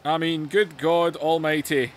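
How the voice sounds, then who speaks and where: A man giving casual, excitable commentary over a wrestling video game. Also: on the high side, measured pace, faint music behind. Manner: excitable, amazed reactions. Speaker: gaming YouTuber.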